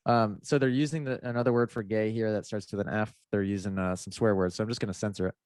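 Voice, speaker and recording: A man's voice: fairly low pitch, steady tone, quick pace, darkish tone, clean tone, no echo, clean studio sound. A man, a mindset coach guesting on a podcast, telling a story casually, laughing and acting out the messages he quotes.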